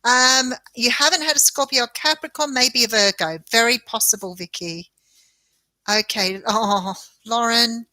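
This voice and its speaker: Bright-voiced Australian woman reading tarot. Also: fairly high pitch, measured pace, no echo. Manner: chatty, reassuring, laughs often. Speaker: tarot reader. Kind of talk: live-stream tarot reading.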